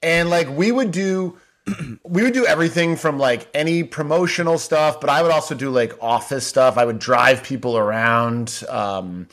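A man in his forties, a podcast guest, telling a long, animated story in a casual, rambling way full of "like" fillers. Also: fairly high pitch, normal speed.

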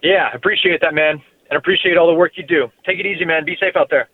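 A man's voice: on the high side, fast talker, a little hiss or hum. A man calling in to a sports radio show, casual and laid-back, with lots of "you know" and "man.". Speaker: caller. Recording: tinny phone line.

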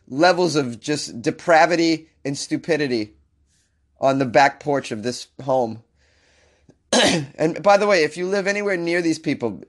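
A man with a hoarse, sick-sounding voice hosts a comedic weird-news podcast. He riffs sarcastically on the stories, sounds exasperated, and breaks into disbelief. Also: medium pitch, moderate pace. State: hoarse from illness. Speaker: podcast host.

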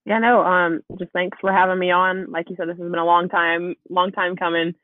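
A woman's voice: lowish voice, level tone, normal speed, no room sound. A woman calling in as a podcast guest, chatting casually and hesitantly with many fillers. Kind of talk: casual chat. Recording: tinny dry phone line.

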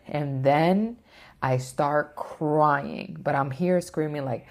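A woman's voice: low voice, fairly even intonation, takes it slowly. A woman vlogger recounting a personal experience in a rambling way, full of fillers and restarts. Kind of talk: personal storytelling.

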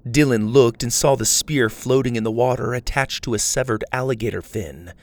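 A man narrating an adventure story in a steady, descriptive reading style. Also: medium pitch, moderate pace, hardly any pauses. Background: faint music.

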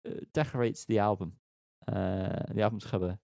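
A man's voice: fairly low pitch, fairly even intonation, normal speed, gravelly, mellow, dry recording. A man co-hosting a podcast in casual chat, rambling with many ums and teasing himself. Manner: rambling, self-mocking, lots of ums. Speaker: podcast co-host.

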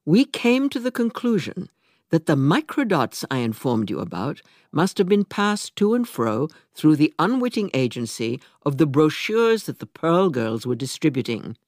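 A woman voicing a middle-aged male commander who speaks in a smooth, coldly polite way. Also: low voice, sing-song, normal speed, a little mellow, no echo, studio quality, pitched above the performer's own voice.

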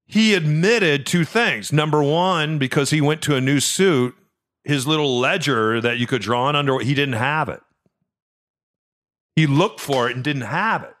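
A middle-aged man hosting a podcast, telling a personal story in a chatty way, stumbling over repeated words and dropping soft and low at the tender parts. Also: unhurried. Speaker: podcast host. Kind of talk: casual storytelling.

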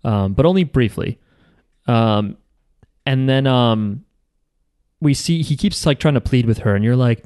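A man's voice: mid-range voice, expressive, unhurried, long pauses, darkish tone, clean tone, dry recording. Young guy recapping anime, sarcastic, lots of ums, dry mic. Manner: rambling, sarcastic, many fillers. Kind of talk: casual chat recapping an anime episode.

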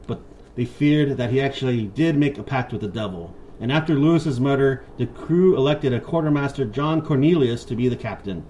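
A man's voice: mid-range voice, darkish tone, slight background noise. A man hosting a podcast, loosely retelling a historical story in a casual, profane way. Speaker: podcast host.

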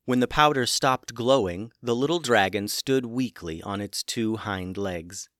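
A man hosting a children's podcast and narrating a storybook in a gentle, measured way. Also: lowish voice, no room sound, studio quality.

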